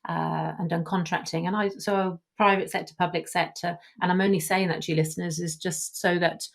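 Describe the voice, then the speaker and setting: A woman's voice: fairly low pitch, little pitch movement, fairly quick, vocal fry. A woman hosting a podcast, speaking supportively and hesitantly, with many fillers, in casual interview chat. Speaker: podcast host.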